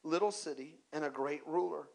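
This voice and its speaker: A man with a notably high voice delivers a sermon, building to emphatic peaks and calling out to the room. He slips into casual asides between points and often repeats a word as he restarts. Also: fairly quick, vocal fry, a little mellow. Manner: emphatic preaching with call-outs to the congregation; conversational asides and repeated words. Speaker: pastor.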